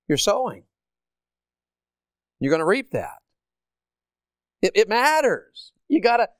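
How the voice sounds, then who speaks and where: A man preaches, his voice high for a man and clear. He keeps turning to the congregation with questions and moves between loud emphatic points and quiet stories. The sound is dry and close, with no room echo. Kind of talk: sermon. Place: church or school hall with a congregation.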